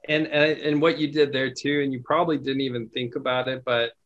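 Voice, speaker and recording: A man's voice: medium pitch, level tone, fairly quick, fairly bright tone, dull audio. A man who owns a call center, a guest on a podcast, explaining his ideas thoughtfully with frequent restarts. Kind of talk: casual podcast chat.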